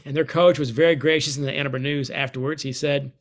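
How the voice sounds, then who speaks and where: A middle-aged American man, an author and former hockey coach, telling a lively story from home over a video call. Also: a little high, fast talker. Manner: lively, animated storytelling with sudden loud bursts. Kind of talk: storytelling book talk.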